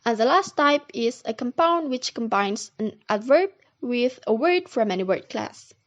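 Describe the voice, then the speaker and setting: A young woman with an Indonesian accent presents a recorded class lesson. Her voice sits fairly high, and she reads each point in an even, explaining manner. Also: normal speed, muffled recording. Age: young adult. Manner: steady, read-aloud explanation. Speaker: student presenter.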